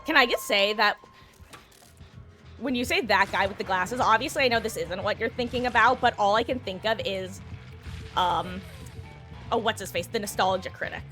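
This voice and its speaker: A woman from the United States, chatting casually and rambling as she streams a game, often clearing her throat. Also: mid-range voice, normal speed, long pauses, a bit bright, faint music behind. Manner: rambling, chatty, self-correcting. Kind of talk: casual live-stream chat while gaming.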